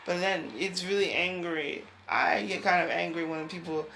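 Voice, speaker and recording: A woman talks through her own show in a loose, wandering way, often restarting her phrases and laughing softly. Her voice sits low and has a gravelly fry. A clear layer of background noise runs under the whole recording. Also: steady tone, moderate pace, low-quality recording. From United States. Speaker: show host. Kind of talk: rambling solo talk show.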